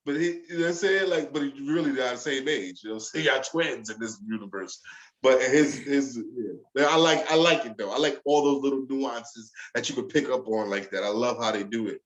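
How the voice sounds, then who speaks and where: A man's voice: medium pitch, brisk, roomy sound, dull audio. A man co-hosting a podcast, retelling a show in casual chat and often asking "you know what I'm saying". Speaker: podcast co-host.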